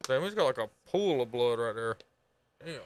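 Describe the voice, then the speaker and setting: A man streaming and chatting casually while reacting to a video, talking in an animated way, swearing and laughing freely. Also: mid-range voice, normal speed, clean tone.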